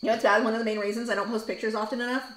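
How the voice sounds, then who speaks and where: A woman's voice: on the high side, little pitch movement, very fast, noisy background. A woman hosting an art livestream, chatting casually and rambling as she reads viewer comments aloud. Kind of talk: casual chat while drawing. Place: home art studio. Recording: echoey room.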